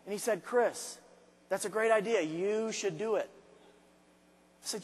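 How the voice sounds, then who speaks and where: A man giving a motivational speech to a large arena crowd, dropping to quiet asides and then shouting his points slowly and hard. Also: high-pitched, slight background noise. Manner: swings from quiet intimate asides to shouted, drawn-out emphasis. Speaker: motivational speaker. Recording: live speech with long hall reverb.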